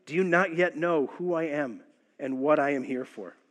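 A man voicing Jesus as he gently questions his frightened followers. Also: fairly high pitch, normal speed, lightly acted. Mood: gently questioning.

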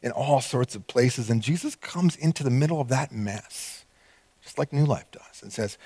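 A male pastor preaching a sermon, animated and conversational, acting out quoted voices with small laughs. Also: mid-range voice, normal speed, breathy edge, dry recording.

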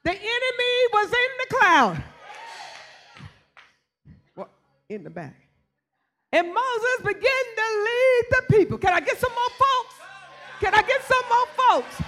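High, bright-voiced shouting woman preacher. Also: big pitch swings, slow, pauses often, faint music behind. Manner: shouting, repetitive, calls out congregants by name. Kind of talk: sermon with call-and-response. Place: church.

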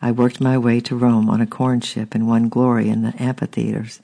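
A man's voice: level tone, normal speed, vocal fry, dark tone. A man reading the lines of a weary, wounded young former slave in a storybook. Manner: weary and low.

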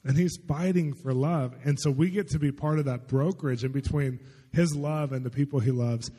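Husky-voiced man preaching in a hall. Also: medium pitch, moderate pace. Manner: excited, rambling storyteller with many fillers. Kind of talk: sermon testimony storytelling. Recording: long hall reverb.

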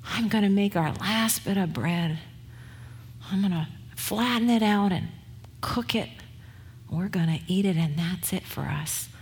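A woman preacher voicing a desperate, weary widow in a retold scripture story, with a slightly husky tone. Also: mid-range voice, unhurried. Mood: despairing.

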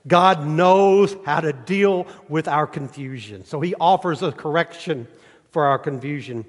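A man's voice: a little high, unhurried. Man preaching a sermon with rhetorical questions. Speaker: pastor. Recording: long hall reverb.

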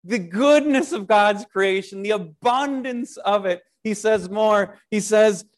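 A man with a high, light voice delivers a short devotional sermon. He talks slowly and in an animated way, often restarting a phrase and asking the listener questions as he goes. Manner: animated, many restarts and repeated words, rhetorical questions. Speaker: preacher.

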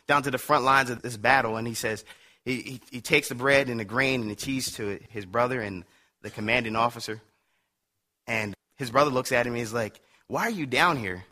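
Brief: animated male preacher, casual storyteller, bright and forceful tone. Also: medium pitch, brisk. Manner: animated, laughing, slangy storyteller.

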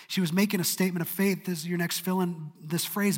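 A man preaching a sermon in a church, expressive and dramatic in his delivery. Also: high voice, fast, hardly any pauses, in a large hall. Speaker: pastor.

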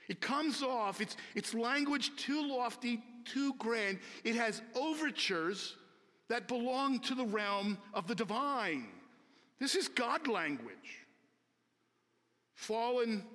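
A man, a pastor, preaching a sermon slowly and earnestly with emphatic repetition, in a church sanctuary. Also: sits high, bright, forceful tone. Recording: long reverb of a large hall.

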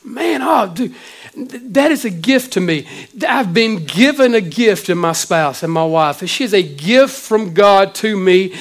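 A man in his forties, a pastor, preaching an emotional sermon with many halting restarts. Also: high voice, animated.

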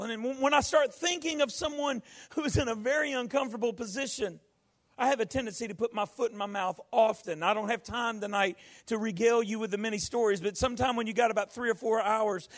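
A male pastor preaching a folksy sermon, rising to shouts. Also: high-pitched.

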